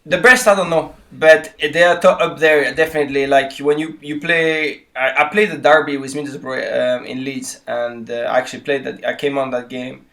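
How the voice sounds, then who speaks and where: A man's voice: mid-range voice, steady tone, moderate pace, hardly any pauses, pushed and bright. A man from Switzerland telling stories as a podcast guest, full of fillers and restarts. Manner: storytelling with many fillers and restarts. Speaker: guest footballer. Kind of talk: casual podcast interview.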